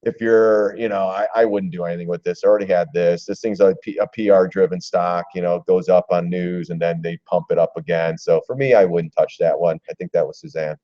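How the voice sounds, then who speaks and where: A man's voice: low-pitched, fairly even intonation, a little fast, hardly any pauses, dark tone, lo-fi sound. A man hosting a casual live stream about stock charts, rambling and chuckling as he reads viewers' comments and acts out phone calls.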